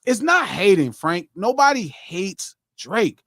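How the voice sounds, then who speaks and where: A man co-hosting a livestream podcast in casual chat, animated and profane, laughing often and mimicking other voices as he talks. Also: high-pitched, slow, no echo, clean studio sound. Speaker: podcast co-host.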